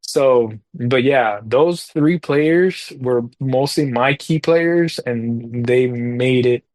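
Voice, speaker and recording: A man's voice: mid-range voice, drawn-out words, darkish tone, no room sound. A man, a parent, chatting casually on a podcast, telling a long story with lots of fillers and slang. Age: adult parent. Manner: rambling, loose delivery full of fillers and slang. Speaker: podcast co-host talking soccer video games.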